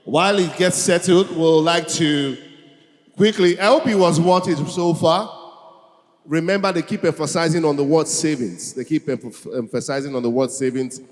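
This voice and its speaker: A man hosting a live event, hurried, restarting phrases as he calls for applause. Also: on the high side. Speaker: event emcee. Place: large event hall. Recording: reverberant hall, long echo.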